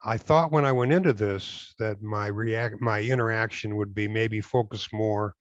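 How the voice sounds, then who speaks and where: An older man with a low voice answers interview questions as a compliance consultant. He talks in a measured, halting way, full of fillers and restarts. The recording is dry and close but slightly dull and lo-fi. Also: fairly even intonation, dry recording. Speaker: direct selling compliance consultant.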